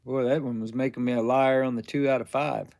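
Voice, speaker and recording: Man, livestream host, casual chat, rambling, halting, fillers, mid-pitched voice. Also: flat delivery, creaky, a little mellow. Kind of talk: casual live-stream chat.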